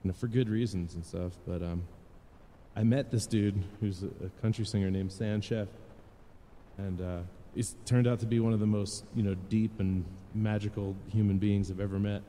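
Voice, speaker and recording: A man's voice: fairly low pitch, steady tone, moderate pace, warm tone, in a large hall, a little hiss or hum. A man chatting casually and rambling to live viewers from his home music studio. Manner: rambling, chatty, self-deprecating.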